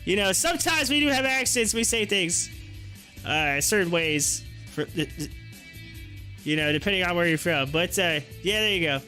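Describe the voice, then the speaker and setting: A man's voice: high-pitched, expressive, normal speed, sharp tone, soft background music. A man with an Ohio accent hosting a stock market live stream, talking in a rambling casual way and laughing often. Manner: rambling, chatty, laughs often, drags out words.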